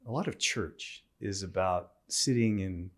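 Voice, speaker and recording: A man's voice: low voice, unhurried, a bit bright. A man talking as a guest in a conversation, easygoing with hesitant starts. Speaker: guest, show co-founder. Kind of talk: conversational interview.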